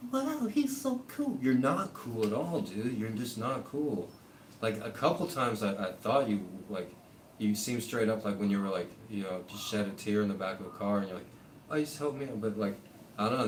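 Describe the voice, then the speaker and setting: Rambling, profane man in an echoey room. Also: on the low side. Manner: rambling, profane, heavy on fillers. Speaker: live-stream host. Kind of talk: casual rambling rant. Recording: echoey room, voice far from mic, faint noise.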